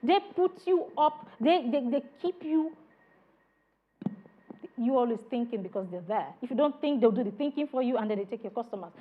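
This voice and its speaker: High-voiced woman lecturing on service. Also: moderate pace, a little hiss or hum. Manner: animated, repeats "all right" often, acts out customer exchanges. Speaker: customer service trainer. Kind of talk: classroom lecture. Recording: dull lo-fi classroom recording.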